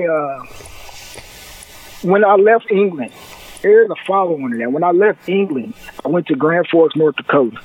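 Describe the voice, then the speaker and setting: A man's voice: on the high side, husky, narrow, tinny audio. A middle-aged man telling stories in a casual chat, laughing often and acting out the voices of people he quotes. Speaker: guest storyteller.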